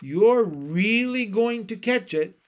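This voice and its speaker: A man's voice: on the high side, expressive, normal speed, fairly bright tone. Storybook read-aloud: bossy older schoolgirl, raised and scolding, voiced by a male narrator. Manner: scolding, commanding.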